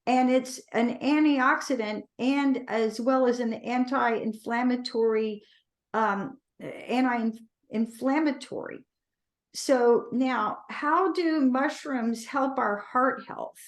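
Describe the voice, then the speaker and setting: A woman hosting an interview, asking measured, prompting questions. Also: on the high side. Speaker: interviewer, medical intuitive healer.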